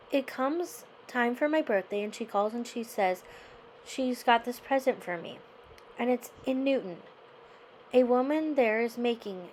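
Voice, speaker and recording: Woman host, slightly high pitch, reads a book aloud and then comments casually. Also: darkish tone, slight background noise, poor audio. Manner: conversational, tags remarks with "right?". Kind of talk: reading a memoir chapter aloud, then commentary.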